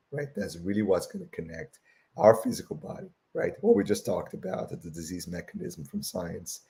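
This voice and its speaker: Slightly low man lecturing, losing voice. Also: vocal fry, mellow. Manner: tags "right?" onto nearly every phrase. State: losing his voice, clears throat often. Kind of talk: spiritist lecture with slides.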